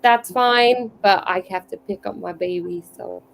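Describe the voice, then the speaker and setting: A woman's voice: medium pitch, measured pace, creaky, a little hiss or hum, rough recording. A woman hosting a book club chat over a video call, talking casually with lots of restarts and fillers. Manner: chatty, hesitant, many likes and restarts. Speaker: book club livestream host.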